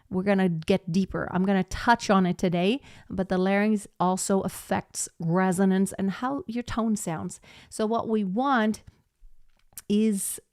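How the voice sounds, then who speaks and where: A woman's voice: mid-range voice, a little mellow, dry recording, clean studio sound. A woman voice teacher giving a live singing lesson, explaining technique and breaking into short sung demonstrations.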